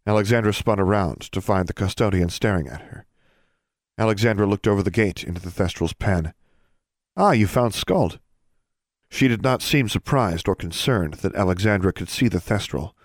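A man narrating a fantasy audiobook in a steady, even storytelling manner. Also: deep voice, brisk, no echo, clean studio sound. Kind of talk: scripted narration.

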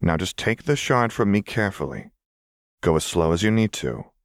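A man voicing a patient, gentle young woman who speaks in a soft, soothing, reassuring way in an audiobook fan fiction reading. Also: low-pitched, sing-song, moderate pace, no room sound, studio quality.

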